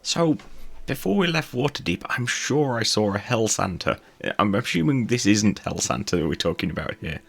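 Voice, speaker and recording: A man's voice: on the low side, expressive, normal speed, gravelly, slightly rough. A man playing a tabletop game in a laid-back, joking way. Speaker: player. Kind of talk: casual tabletop play.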